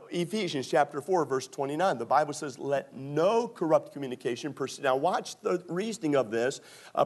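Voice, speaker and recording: A man preaching a sermon in a folksy, conversational way, with many fillers, quoting scripture and asking the congregation to answer. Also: a little high. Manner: quotes scripture and asks the congregation to respond. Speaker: pastor.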